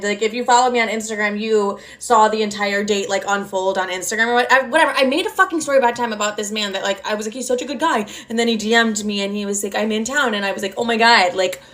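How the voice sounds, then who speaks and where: A woman's voice: fairly high pitch, fairly bright tone. A young woman in her twenties telling a casual storytime vlog, brash and profane, filling her talk with "like". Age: 20s. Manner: brash, profane, chatty with lots of "like". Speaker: storytime creator.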